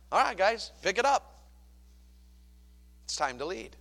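A man preaching a sermon as a pastor, animated, swinging from loud to hushed. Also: high voice, a little slow.

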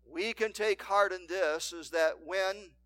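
A pastor delivers a sermon in a high, bright-edged male voice, recorded dry and close with no room echo. He reads old-fashioned scripture aloud and swings from loud emphatic declarations to quiet, hushed asides. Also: takes it slowly. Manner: reads scripture in King James wording.

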